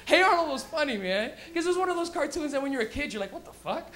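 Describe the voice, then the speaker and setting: Bright-voiced, foul-mouthed young male comedian. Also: very high voice, lively intonation, fast. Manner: profane, rowdy, acts out scenes in funny voices. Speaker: stand-up comedian. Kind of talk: live stand-up comedy. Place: comedy club stage.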